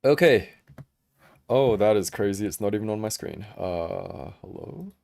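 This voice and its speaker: A young man hosting a casual livestream about action figures, chatty and expressive, swearing freely and laughing as he answers viewers. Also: fairly low pitch, unhurried, creaky, no room sound, studio quality. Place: home in Hong Kong.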